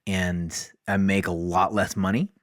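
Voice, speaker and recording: A man, a podcast guest, telling stories in a casual, animated way, often saying "like" and acting out dialogue. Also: low voice, unhurried, no room sound, studio quality. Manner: animated, fills speech with "like", acts out dialogue. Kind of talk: casual storytelling.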